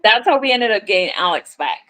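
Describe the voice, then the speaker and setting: A woman talks on a crochet livestream and tells a story in a casual, chatty way. She acts out the voices of the people in the story and swears now and then. Her voice sits at a middle pitch. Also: very animated, a little fast, sharp tone, low-quality recording. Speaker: crochet content creator on a livestream.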